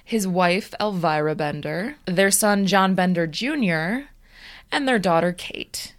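A woman's voice: on the low side, slow. A woman podcast host narrating a story in a casual, wry way, with fillers.

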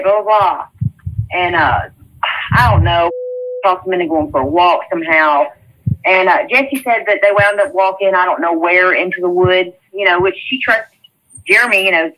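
A middle-aged woman with a drawl tells a long story in loose, halting bursts, doubling back as she goes. Her voice has a bright, sharp edge. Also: on the low side, rough recording. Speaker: interviewee. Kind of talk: casual spoken recounting.

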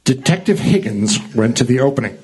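A man's voice: mid-range voice, animated, fairly quick, music in the background. A man narrating a comedy radio play with a dramatic, announcer-style delivery.

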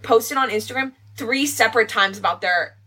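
A young adult woman co-hosting a casual chat, animated and quick to laugh. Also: fairly high pitch, husky. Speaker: podcast co-host.

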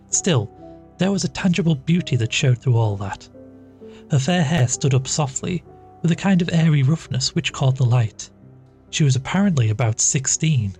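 A man reading a classic story aloud as storyteller, in a measured, steady manner. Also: medium pitch. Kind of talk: scripted narration of a classic story. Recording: faint background music.

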